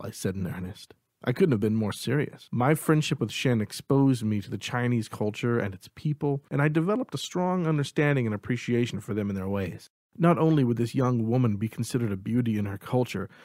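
A man narrates a novel in the first person, keeping a steady, even storytelling pace. His voice sits at a middling pitch. The recording is dry and close, with no room sound. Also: dry recording. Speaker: audiobook narrator.

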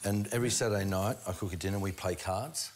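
A low-voiced Australian man chats while he cooks, rambling through stories and laughing often. Background noise runs clearly under this live home-kitchen stream. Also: fast talker. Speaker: chef and host. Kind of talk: casual chat while cooking.

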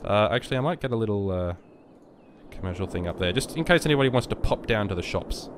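A sick young man rambling and joking through casual gameplay commentary, sometimes yelling at the game. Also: on the low side, animated, fast, background noise. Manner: rambling and joking, with sudden loud outbursts at the game. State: sick with a virus. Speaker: gaming YouTuber.

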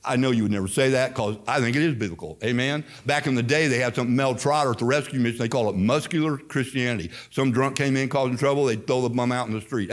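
A man's voice: medium pitch, a little fast, hardly any pauses, fairly bright tone. An older man preaching a sermon as pastor, telling stories with emphatic, repeated phrases. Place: church sanctuary.

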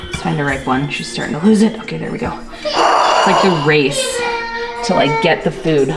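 A woman's voice: sits low, huge pitch swings, normal speed, loud music behind the voice. A young, heavily pregnant woman vlogging casually at home, chatty and giggly with lots of fillers. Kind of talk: casual vlog talk to camera.

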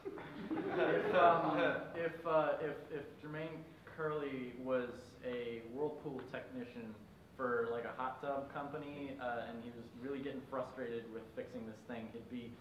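A man's voice: medium pitch, fairly even intonation, a little slow. A man improvising a pun on stage, hesitating and restarting before he lands it. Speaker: improv performer. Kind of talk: live improv pun game. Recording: echoey, dull room sound with crowd noise.

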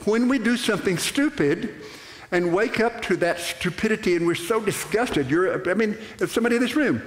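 An older man preaching a sermon to a congregation, animated and rambling, with restarts and acted-out asides. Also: high-pitched. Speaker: pastor. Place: church sanctuary. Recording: echoey church hall.

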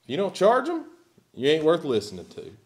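A man's voice: fairly high pitch, wildly swooping pitch, fairly quick. A man preaching a sermon as pastor, emphatic and at times sarcastic.

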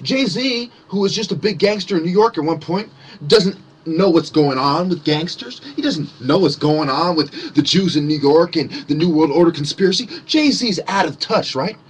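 A man's voice: a little high, normal speed, a little hiss or hum. A man ranting to his listeners in a profane, sarcastic, mocking monologue. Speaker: conspiracy commentator.

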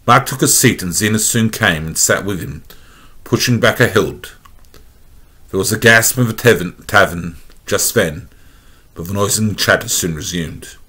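A man with an Australian accent reading a fan-written space story aloud as narrator, in a plain, steady way. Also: on the low side, moderate pace, husky.

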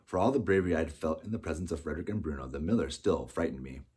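A man narrating a storybook in a steady, unhurried way. His voice is very deep and slightly husky. He reads with an even storytelling tone. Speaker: audiobook narrator. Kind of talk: scripted narration.

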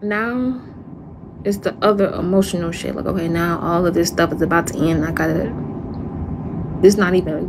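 A distressed woman speaks haltingly in an emotional livestream monologue, repeating herself and fading off into sighs. Her voice sits on the low side, and there's noise in the background.

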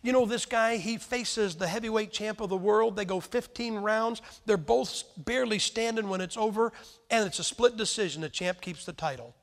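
An American man preaching a sermon, telling stories with lively emphasis and sudden swings between loud and quiet. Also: high-pitched, moderate pace. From United States. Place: church hall with a crowd. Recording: long reverb from a large hall.

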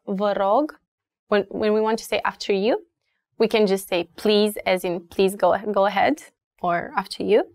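Romanian-accented woman teacher, unhurried and patient, dry close sound, mid-pitched. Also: no echo. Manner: slow and patient, repeating words clearly with fillers. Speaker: language teacher. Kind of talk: beginner language lesson.

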